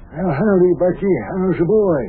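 An actor playing a folksy, hearty small-town mayor who gives cheerful pep talks, on an old radio show. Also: male voice, high-pitched, normal speed, breathy edge. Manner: folksy, hearty, calls people buster and lad. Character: folksy older male mayor, cheerfully bossy. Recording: tinny old radio broadcast with faint hiss.

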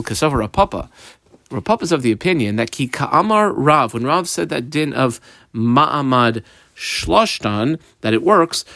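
A man's voice: medium pitch, fairly bright tone, no echo. A man teaching a Talmud lesson, reading Aramaic phrases and explaining them in casual English.

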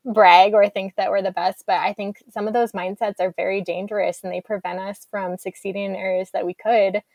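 A woman's voice: medium pitch, little pitch movement, a little fast, gravelly, a little mellow, no echo. A woman hosting a podcast, talking in a reflective, thinking-aloud way. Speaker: podcast host. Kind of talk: casual podcast interview.

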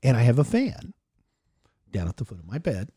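Teasing Midwestern man, animated voice. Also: medium pitch, normal speed, husky, no room sound, clean studio sound. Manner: teasing, deadpan quips. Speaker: podcast co-host. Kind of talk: casual banter. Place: small closet-sized room.

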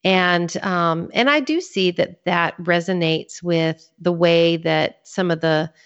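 A woman with a fairly low voice talks earnestly as a podcast guest, working through her points in order. The recording is a little dull and lo-fi, and her delivery stays conversational and teacherly. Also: slow pace. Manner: earnest, teaching, lays out points in a clear sequence. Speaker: podcast guest, author and ministry leader. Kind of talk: conversational interview talk. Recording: slightly dull lo-fi sound.

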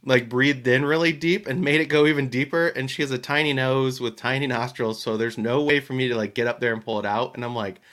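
Man, podcast co-host, mid-pitched, animated storyteller who laughs easily. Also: a little fast, hardly any pauses. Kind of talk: casual storytelling chat.

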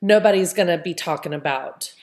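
A woman's voice: fairly low pitch, brisk. Chatty woman hosting a podcast. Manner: chatty, keeps adding "right?". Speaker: podcast host. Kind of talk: casual podcast chat about reality TV.

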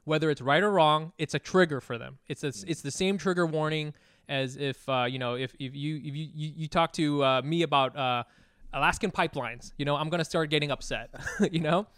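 A Vietnamese-American man in casual podcast chat who talks in restarts, swears and gets louder as he argues. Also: fairly high pitch, a little fast, smooth, no echo, studio quality. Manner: animated, laughing, swearing, restarts.

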